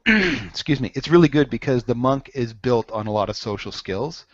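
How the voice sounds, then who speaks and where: A man's voice: medium pitch, animated, normal speed, no room sound, highs cut off. A man running a tabletop game as game master, explaining and chatting, joking and laughing often.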